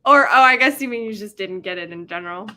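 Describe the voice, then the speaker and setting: A young woman with a bright, forceful tone chats loosely on a livestream. She rambles through her thoughts and laughs often, breaking off now and then to read comments aloud. Her pitch sits in an ordinary middle range. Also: expressive, fast. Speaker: livestream host. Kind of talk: casual chat.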